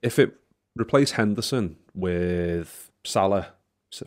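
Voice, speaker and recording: A man's voice: low voice, lively intonation, slow. Rambling, sweary Scouse man. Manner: rambling, swears a lot, restarts often. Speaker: podcast host. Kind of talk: casual football chat.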